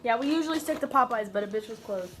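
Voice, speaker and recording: A woman's voice: on the high side, animated, fast. A young woman chatting over food in a casual vlog, blunt and profane, teasing her friends as she tells a story. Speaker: vlogger. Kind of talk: casual mukbang vlog chat. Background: music.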